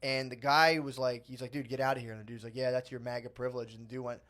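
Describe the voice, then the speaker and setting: A man co-hosting a casual podcast, telling a story quickly and acting out the quotes. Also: medium pitch. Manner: fast, animated storytelling with mimicked quotes. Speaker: podcast co-host.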